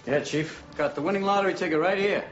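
A man's voice: high voice, fast, echoey room, lightly acted. An actor playing a joking, easygoing male therapist in film dialogue. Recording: muffled film audio with music.

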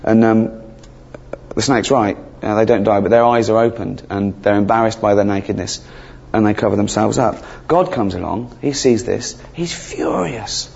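A man's voice: fairly low pitch, normal speed, gravelly, a little mellow. A man doing stand-up comedy, cheeky and mock-exasperated, swearing freely. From England. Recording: dull live recording, background noise.

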